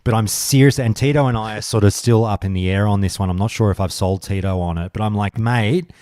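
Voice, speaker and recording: A man's voice: fairly low pitch, brisk, a little mellow, no room sound, clean studio sound. A man, hosting a casual podcast chat, ranting and swearing as he gets heated. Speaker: podcast host.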